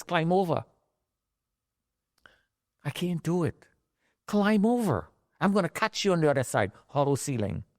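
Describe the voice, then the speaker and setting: A man's voice: mid-range voice, darkish tone, no echo. Man dramatically recounting survival, dry sound. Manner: emotional, dramatic retelling with raised pleading outbursts. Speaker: survivor telling his story. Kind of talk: personal testimony.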